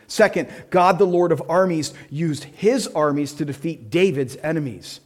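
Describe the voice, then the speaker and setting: A man preaching a sermon, earnest, moving between quiet, intense stretches and emphatic bursts. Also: on the high side, lively intonation, normal speed, few pauses. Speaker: pastor.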